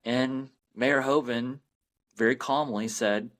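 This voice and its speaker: A man's voice: on the low side, unhurried. A man as a podcast guest, explaining earnestly and often restarting his sentences. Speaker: guest, anti-abortion campaign founder. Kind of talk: podcast interview.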